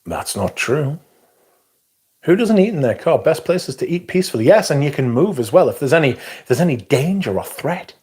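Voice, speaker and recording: A man's voice: fairly high pitch, sing-song, moderate pace, a little mellow, breathy edge. A man hosting a casual livestream, rambling with crude, profane jokes and reading out viewer comments. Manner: rambling, crude, profane and jokey, with frequent restarts. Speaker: livestream host reviewing fragrances.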